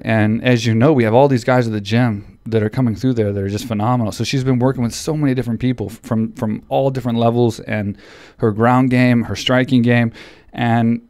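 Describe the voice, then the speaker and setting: A podcast host and coach with a medium-pitched, darkish voice chats casually, still a little out of breath and rambling with many restarts. He's on a studio podcast mic, studio quality with no echo.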